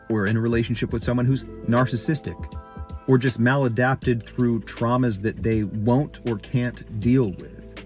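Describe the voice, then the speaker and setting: A man explaining in a measured way, stopping now and then to find his words. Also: medium pitch, a little mellow. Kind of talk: explanatory commentary.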